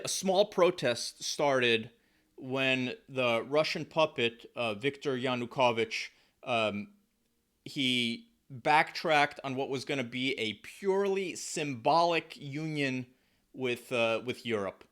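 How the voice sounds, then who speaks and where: A man's voice: mid-range voice, animated, slow, fairly bright tone. An American man talks through his commentary in a loose, conversational way. He keeps a mid-range voice and drives points home by repeating himself. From United States. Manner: conversational, frequent fillers and restarts, emphatic repetition. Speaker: political commentary vlogger. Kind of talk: casual spoken commentary.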